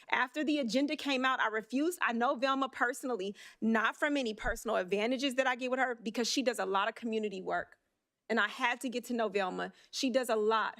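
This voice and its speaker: Council member, woman, higher voice, emotional and blunt, speaks with conviction and stumbles over words. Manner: emotional, blunt and forceful, with halting restarts. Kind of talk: impassioned council meeting speech. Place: city council chamber.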